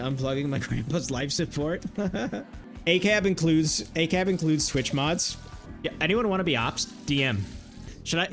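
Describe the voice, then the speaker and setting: A young man streaming a game, riffing jokes to his chat and laughing often. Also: a little high. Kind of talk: casual livestream banter while gaming.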